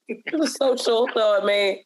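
A woman hosting a sports podcast, her voice a little raspy and hoarse as she leads the chat in a relaxed, upbeat way. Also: fairly high pitch, measured pace. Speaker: podcast host.

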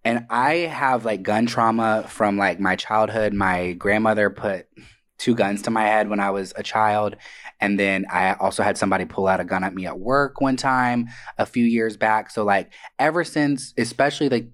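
Animated, profane young man telling stories. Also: on the low side, normal speed. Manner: animated, profane, dramatic quoted voices. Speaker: podcast guest telling stories. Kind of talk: casual storytelling. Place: Atlanta area.

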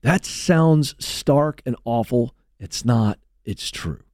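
A man's voice: medium pitch, lively intonation, slow, darkish tone, no echo. A middle-aged man hosting a talk show, speaking in an emphatic, storytelling manner into a studio mic. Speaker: host.

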